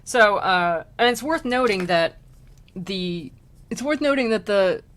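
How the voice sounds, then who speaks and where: A woman's voice: mid-range voice, lively intonation, a little slow, a bit bright. A woman streamer reading an old poem aloud and retelling it in casual slang, laughing often.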